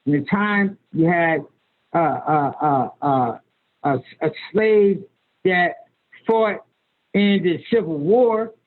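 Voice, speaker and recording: A man in his sixties speaks as an imam on a video call, his voice pitched high and his speech emphatic, folksy and full of repetition. The audio is thin and phone-like, as if squeezed through a narrow line. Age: 60s. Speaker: imam and author, guest. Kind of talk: conversational lecture on a video call.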